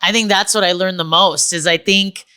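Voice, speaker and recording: A young adult woman from the United States talks as a comedian guest on a casual podcast. Her voice sits a little low, and she speaks candidly, moving between earnest points and playful asides. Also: steady tone, moderate pace, pushed and bright, clean tone. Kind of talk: casual chat.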